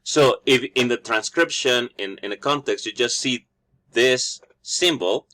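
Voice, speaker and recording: A man's voice: medium pitch, a little slow, bright, forceful tone. A man whose first language is Spanish teaches English phonetics, explaining each sound and repeating every example word after the audio.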